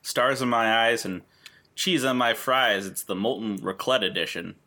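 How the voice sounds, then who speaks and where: A man's voice: fairly low pitch, fairly even intonation, moderate pace, pushed and bright. A man co-hosting a podcast, telling rambling stories with crude jokes. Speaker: podcast co-host. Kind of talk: casual podcast banter.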